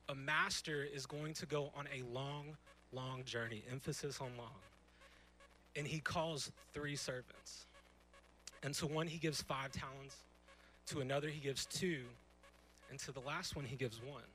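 A man's voice: mid-range voice, a bit bright, slight background noise, rough recording. A young man in his twenties preaching a sermon on a church stage, emphatic and conversational, full of rhetorical questions. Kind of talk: youth sermon.

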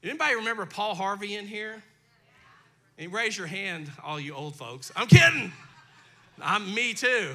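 A man's voice: sits high, animated, moderate pace, bright, forceful tone. A male pastor preaching a sermon in a folksy, conversational way, talking directly to his congregation, his throat dry. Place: church sanctuary.

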